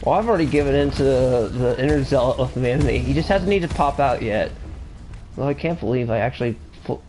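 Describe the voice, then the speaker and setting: A man's voice: medium pitch, fast talker, background noise. Rambling, crude American man on a podcast. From United States. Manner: rambling, crude, storytelling, stammering restarts. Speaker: podcast co-host. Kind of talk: casual podcast chat.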